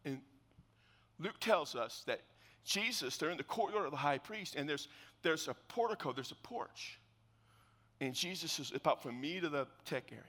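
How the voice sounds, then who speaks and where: A man delivers a sermon in a high, bright voice, telling the story with lively, acted-out dialogue. He drops to a hush for the solemn points. His voice rings out with long reverb through a church sanctuary. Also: moderate pace. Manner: animated storytelling, acting out biblical scenes. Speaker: pastor.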